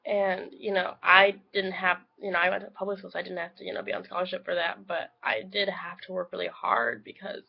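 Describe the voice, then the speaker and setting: A woman's voice: lowish voice, steady tone, fairly quick, vocal fry, few pauses, slightly rough, highs cut off. A young woman, a student, talking through a casual video log with a sick voice, hesitant and full of ums. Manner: hesitant, many ums, soft trailing phrases.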